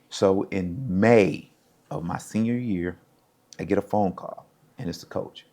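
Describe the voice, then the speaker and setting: A man's voice: low voice, a little slow, creaky. A middle-aged American man, a former pro football player, telling stories from his life and acting out the voices of the people in them. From United States. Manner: animated storyteller, acts out quoted voices. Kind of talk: casual storytelling.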